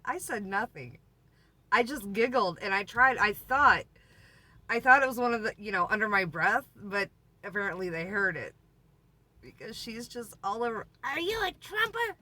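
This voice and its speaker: A woman's voice: mid-range voice, normal speed, bright, forceful tone, dry recording. A woman RV vlogger telling a story in a chatty, laughing, exaggerating way. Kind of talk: story time vlog.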